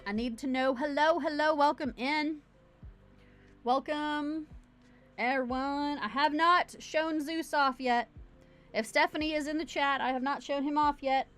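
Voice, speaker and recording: A woman's voice: sits high, fairly even intonation, measured pace, fairly bright tone, faint music behind. A woman hosting a casual livestream from home, chatting in a bubbly, rambling way straight to her camera. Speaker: livestream host. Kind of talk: casual live-stream chat.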